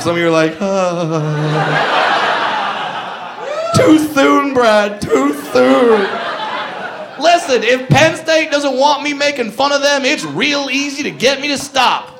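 A man performing a stand-up comedy routine, profane and animated, shouting his punchlines. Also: very high-pitched, measured pace, creaky, noisy background.

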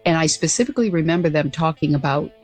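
An older woman being interviewed as a guest, telling her story in an earnest, animated way with frequent restarts. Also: low voice, fast talker, faint music behind. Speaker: guest, former pilot.

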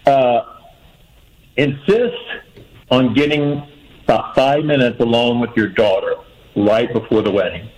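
A man's voice: mid-range voice, measured pace, pauses often, a little mellow, poor audio. A man phoning in to a radio show, offering friendly, earnest advice and repeating his main point. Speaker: caller. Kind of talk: phone-in advice.

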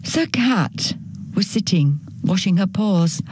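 Storyteller, woman, slow lively reading, husky, dry sound. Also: mid-range voice, no echo. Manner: gentle, expressive read-aloud.

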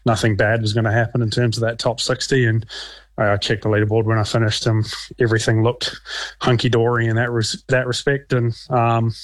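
Relaxed New Zealand man, flat low-key delivery. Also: no echo. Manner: relaxed, rambling, many ums and restarts. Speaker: professional golfer. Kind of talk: casual interview answers.

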